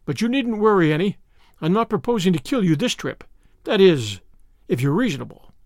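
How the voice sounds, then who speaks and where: A man's voice: high voice, sing-song, a little fast, a little mellow, no room sound, studio quality. A man voicing a brash young American man with an American accent in an audiobook, drawling and cheerfully menacing. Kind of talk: audiobook character voice.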